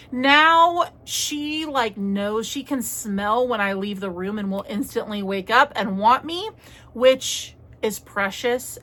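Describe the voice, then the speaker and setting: A woman's voice: on the high side, a bit bright. A young woman chatting casually as a crochet vlogger, rambling and friendly in tone. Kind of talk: casual chat.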